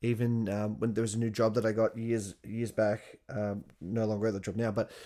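A man's voice: on the low side, flat delivery, a little fast, dark tone. A young adult man talking in a casual monologue, swearing often and laughing as he speaks.

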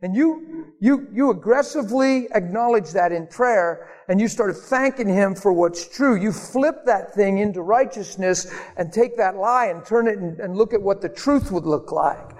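A man's voice: high voice, moderate pace. A man preaching a sermon to a congregation, telling a personal story and acting out prayers. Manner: animated storytelling, acts out prayers and voices. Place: church hall. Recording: long hall reverb, faint music.

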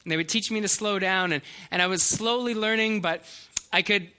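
A man's voice: sits high, brisk, sharp tone, smooth. A middle-aged male pastor preaching a sermon, earnest and storytelling, with small hesitations and restarts.

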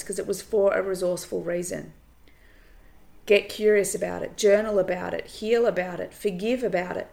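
A woman's voice: mid-range voice, vocal fry. A woman coach talking on her own podcast, earnest and emphatic, repeating her phrases and swearing casually. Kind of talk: solo motivational podcast monologue.

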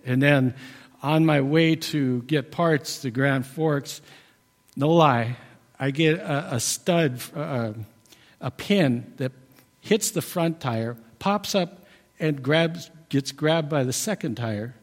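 A man's voice: on the high side, lively intonation, slow pace, big-room sound. A middle-aged man giving a folksy, conversational sermon. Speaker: preacher.

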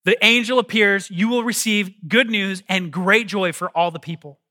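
A male pastor preaching a sermon with animated emphasis, reading scripture and calling on the congregation to answer back. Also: sits high, moderate pace.

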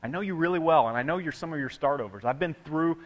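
A man preaching a sermon in a conversational way, swinging from loud repeated words down to hushed asides. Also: fairly high pitch, fast, dull audio. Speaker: pastor. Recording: long hall reverb.

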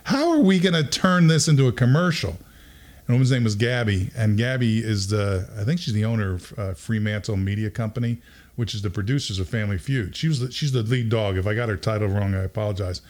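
A middle-aged man telling a story in casual conversation, lively and chuckling, often acting out what other people said. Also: lowish voice, brisk. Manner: animated, acts out quoted voices, chuckles while telling.

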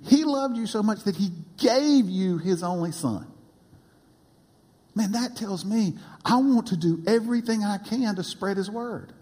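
A man preaching a sermon as pastor, with animated delivery that often drops to a low aside. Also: a little slow, breathy edge, long reverb tail. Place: church.

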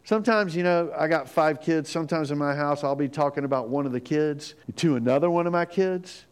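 A middle-aged man preaching a sermon as pastor, conversational and animated, acting out quotes as he goes. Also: a little high, brisk, hardly any pauses, clean tone.

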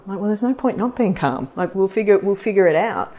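A woman's voice: medium pitch, fairly quick. A middle-aged woman hosting a podcast, talking casually to an audience and acting out quoted voices. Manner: chatty, animated, acts out quoted voices. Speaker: podcast host and practitioner. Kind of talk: casual live talk to an audience.

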